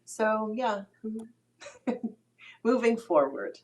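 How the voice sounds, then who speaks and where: A woman guest chatting on a video call, hoarse from losing her voice, relaxed and rambling. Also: on the high side, extremely slow. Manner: relaxed, rambling, laughs easily. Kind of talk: casual interview chat.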